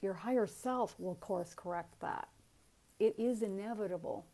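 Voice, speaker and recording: A woman giving a spiritual teaching talk, speaking in a calm, earnest and encouraging way. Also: mid-range voice, moderate pace.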